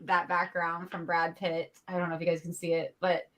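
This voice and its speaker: A woman's voice: fairly low pitch, monotone, moderate pace, fairly bright tone. A female guest on a panel over a video call, upbeat and enthusiastic. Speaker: guest streamer. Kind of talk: casual panel chat.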